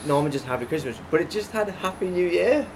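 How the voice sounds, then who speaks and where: A man's voice: high voice, animated, quick pace, background noise. A young man co-hosting a podcast, telling stories playfully and laughing often. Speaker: podcast co-host. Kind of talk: casual chat.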